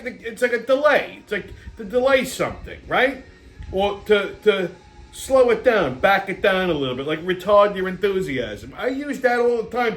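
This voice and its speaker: A man's voice: sits high, fairly bright tone. A middle-aged man, hosting a show and telling a rambling, blunt story full of swearing and fillers. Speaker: show host. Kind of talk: casual rambling monologue.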